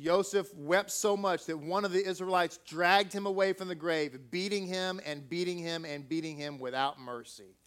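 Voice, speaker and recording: A man's voice: high voice, fairly even intonation, normal speed, hardly any pauses, fairly bright tone, clear, resonant tone. A man preaching a sermon, emphatic and asking his listeners many rhetorical questions.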